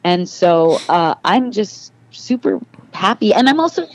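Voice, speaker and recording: A middle-aged actress chatting as a podcast guest, telling animated stories and acting out quoted dialogue. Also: female voice, medium pitch, measured pace, rough recording. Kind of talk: casual interview.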